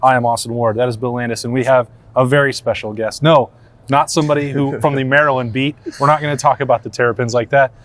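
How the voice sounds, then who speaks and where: A man's voice: medium pitch, fairly even intonation, quick pace, no echo. A man hosting a sports podcast, upbeat and joking, asking long rambling questions. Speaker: podcast host. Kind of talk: casual sports podcast chat.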